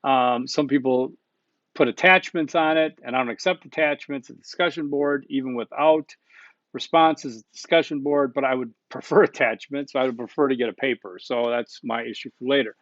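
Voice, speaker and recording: Blunt, casual college instructor lecturing. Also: male voice, medium pitch, normal speed, a bit bright, no room sound. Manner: casual and blunt, with many asides and okays. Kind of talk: recorded online course lecture. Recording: dull muffled dry recording.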